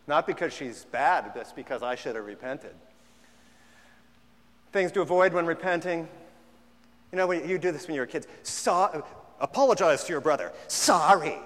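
A man's voice: a little high, lively intonation, moderate pace, long pauses. Man preaching in a reverberant hall. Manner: conversational, mimics sulky apologies. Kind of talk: sermon.

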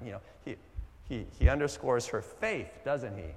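A man preaching a sermon at a church service, animated and conversational, wandering into asides, in a hall with long reverb. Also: medium pitch, normal speed. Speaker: pastor.

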